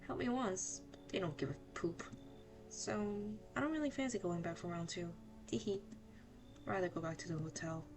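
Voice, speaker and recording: A woman's voice: fairly low pitch, normal speed, over music, natural voice. A woman voicing a nervous, giggly young woman asking for shelter in a horror game. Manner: jittery, hesitant, giggling teehee.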